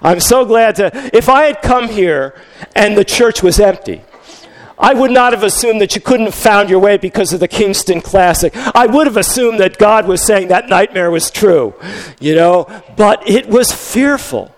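A man's voice: high voice, animated, normal speed. An older male pastor telling a story in a conversational sermon, with frequent restarts.

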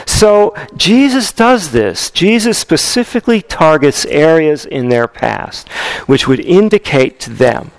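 Man pastor, sermon delivery, lively and slightly high, dry close sound. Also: measured pace, no echo, low-quality recording. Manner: animated, conversational preaching with fillers and repetition.

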